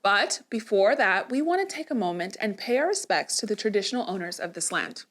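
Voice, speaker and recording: Aussie woman hosting a kids show, eager and upbeat, regular pitch. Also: very animated, brisk, a bit bright. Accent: Australian. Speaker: children's show co-host. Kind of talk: scripted kids' show hosting.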